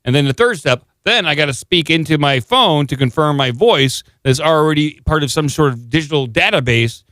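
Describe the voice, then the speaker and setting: A man's voice: a little high, expressive, normal speed, a bit bright, no room sound. Wry man reading the news on a podcast. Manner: sarcastic, jokey asides. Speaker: podcast co-host. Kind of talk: casual chat, reading a news article aloud.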